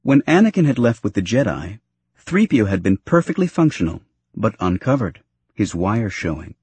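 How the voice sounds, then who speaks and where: A man narrating a novel aloud in an expressive storytelling way. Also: lowish voice, normal speed, slightly rough, no room sound. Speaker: audiobook narrator. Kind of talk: scripted narration.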